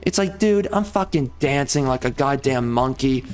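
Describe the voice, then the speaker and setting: A man's voice: medium pitch, expressive, moderate pace, clear, resonant tone. A young man with a profane, heated, repetitive way of talking, delivering an angry rant to the camera. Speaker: gaming YouTuber.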